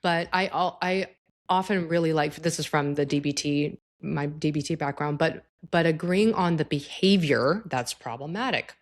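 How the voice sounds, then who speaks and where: A woman's voice: deep voice, moderate pace. A woman psychologist giving advice in a casual, explanatory talk, speaking informally and addressing the listener directly with tag questions.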